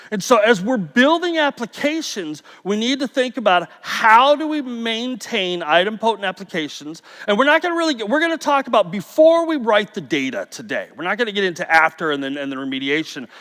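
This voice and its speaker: Man, middle-aged, conference speaker, high voice, playful storytelling, long hall reverb. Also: fairly quick, hardly any pauses. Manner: storytelling, jokey, animated. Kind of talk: conference talk.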